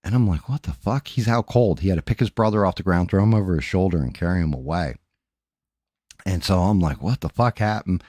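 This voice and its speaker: Livestream host, male, very low voice, dry close sound, profane animated storyteller with sound effects. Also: a little fast, dry recording. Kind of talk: casual storytelling chat.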